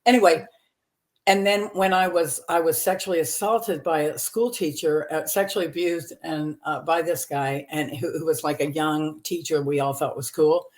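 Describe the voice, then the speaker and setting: A woman's voice: low-pitched, steady tone, moderate pace, a little mellow. A woman in her seventies from Texas, a comedian talking openly about her life as a podcast guest, laughing often and using many fillers. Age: 70s. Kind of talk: candid personal storytelling.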